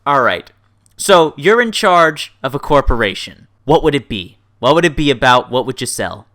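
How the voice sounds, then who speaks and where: Man, host, jokey, very lively swooping pitch, laughs often. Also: moderate pace. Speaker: interview host. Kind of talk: casual interview questions.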